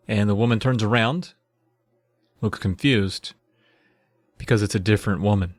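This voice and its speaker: A man's voice: fairly low pitch, moderate pace, long pauses, no room sound, clean studio sound. A man co-hosting a podcast, retelling a book's plot playfully with laughs. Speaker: podcast co-host. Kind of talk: casual book recap chat.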